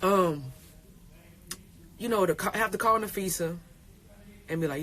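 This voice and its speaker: On a casual phone livestream, a pro basketball player speaks in a low-ish, unhurried, slightly bright voice. Tearful and rambling, the woman keeps repeating herself and curses along the way.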